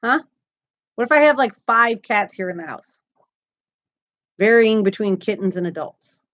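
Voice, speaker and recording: A woman's voice: medium pitch, lively intonation, moderate pace, fairly bright tone, highs cut off. A woman hosting a crochet live stream, chatting casually and upbeat, often laughing as she talks. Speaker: crochet channel host.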